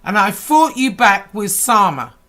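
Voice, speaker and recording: Slow-talking, bright-voiced woman ranting. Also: big pitch swings. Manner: heated and profane, swinging between loud outbursts and low intensity. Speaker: YouTuber. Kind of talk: angry rant to camera.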